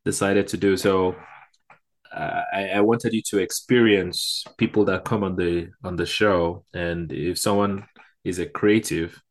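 A man's voice: deep voice, fairly even intonation, a little slow. A man hosting a podcast, introducing the episode and guest in a casual, hesitant way with many fillers. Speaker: podcast host.

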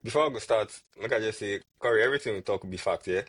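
A man with a husky voice, chatting casually about football as a podcast co-host and repeating words as he argues. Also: on the low side, racing, no echo. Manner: animated, repeats words when arguing.

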